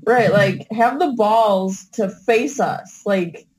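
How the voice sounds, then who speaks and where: A woman's voice: medium pitch, takes it slowly, a crowd in the background, poor audio. A woman co-hosting a casual wrestling podcast, backing up her partner with frank, profane remarks. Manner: agreeable, profane, backs up her co-host. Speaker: podcast co-host.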